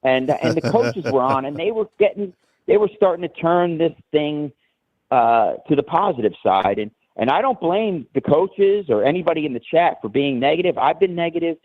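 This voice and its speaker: A man from New Jersey calling in to a show, rambling and halting with many restarts. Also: a little high, expressive, no echo. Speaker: caller. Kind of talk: call-in rant. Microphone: phone. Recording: tinny phone line.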